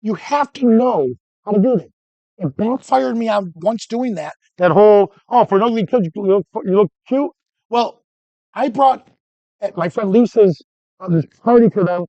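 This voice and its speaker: Animated joking male photography teacher. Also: sits high, moderate pace, no echo. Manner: animated anecdotes, self-interrupting, joking. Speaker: photography instructor. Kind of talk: storytelling during a workshop lesson.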